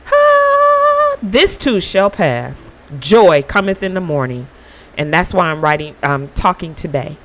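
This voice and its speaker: A woman hosting her own podcast offers an earnest spiritual reflection, encouraging listeners informally through faith. Her pitch ranges widely, shifting from quiet, slowed phrases to animated bursts, and her emotional delivery is punctuated by laughter.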